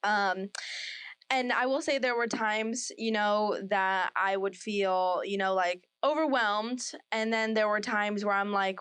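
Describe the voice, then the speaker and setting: A woman's voice: mid-range voice, fairly even intonation, a little slow, fairly bright tone, clear, resonant tone, dry recording. A young woman co-hosting a podcast, chatting casually with lots of fillers and getting emotional. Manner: rambling, many fillers, emotional. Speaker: podcast co-host. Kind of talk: casual chat.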